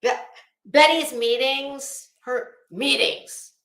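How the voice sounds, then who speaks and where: A woman's voice: high voice, slow pace, a bit bright, roomy sound. A woman hosting a live commentary stream, talking in a sassy, blunt, profane way and calling people honey.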